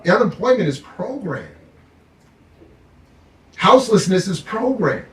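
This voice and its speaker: A man's voice: high-pitched, big pitch swings, a little slow, a bit bright, recorded from a distance. A man talking with fiery, sarcastic passion about politics and money, hosting a discussion. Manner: fired-up, sarcastic, mocks the powerful in put-on voices. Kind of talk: impassioned political talk. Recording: roomy, off-mic sound.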